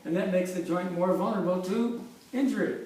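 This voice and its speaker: This fifty-something chiropractor talks briskly in a high, slightly mellow voice during a lively, humorous demonstration with props. He keeps breaking off and restarting sentences. It was captured in an echoey room on a distant mic, with faint noise present.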